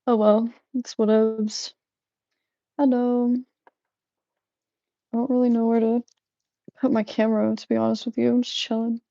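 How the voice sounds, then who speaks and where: A young woman rambles through a casual live-stream chat, giggling, restarting her sentences and drifting between thoughts. Her voice sits a little high but sounds mellow and dark, with a gravelly fry at the ends of her phrases. The sound is dull and lo-fi, and the room is dry and close. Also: little pitch movement, normal speed, long pauses, no room sound. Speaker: livestream host.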